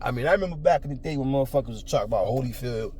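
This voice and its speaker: Mellow-voiced man ranting at his audience. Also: mid-range voice, animated, very fast. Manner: profane, confrontational, mocks other voices. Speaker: boxing talk show host. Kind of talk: ranting commentary.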